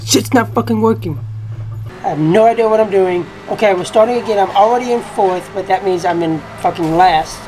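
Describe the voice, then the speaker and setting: A young woman commentating a racing game from her college dorm room. She keeps her voice quiet but breaks into profane, excitable outbursts. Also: mid-range voice, fairly quick, a little hiss or hum. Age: young adult. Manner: talking quietly. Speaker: gaming YouTuber. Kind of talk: gameplay commentary.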